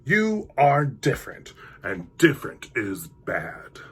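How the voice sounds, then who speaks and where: A man's voice: medium pitch, huge pitch swings, a bit bright, husky, exaggerated voice. A man reading a picture book aloud, voicing a pompous, bossy male stink bug who declares the rules. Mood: haughty. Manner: haughty and declaring, slows on key words.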